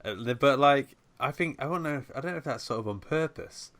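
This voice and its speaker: A man's voice: medium pitch, expressive, brisk, a bit bright, no room sound. A man rambling through a casual podcast chat about a film, with many restarts and fillers. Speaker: podcast co-host.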